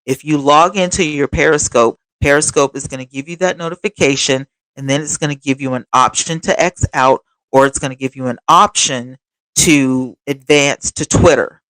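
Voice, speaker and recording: A woman's voice: extremely low pitch, moderate pace, no room sound. Chatty woman hosting a livestream. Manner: chatty and expressive, talks straight to viewers. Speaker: livestream host. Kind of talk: casual livestream chat reading viewer comments.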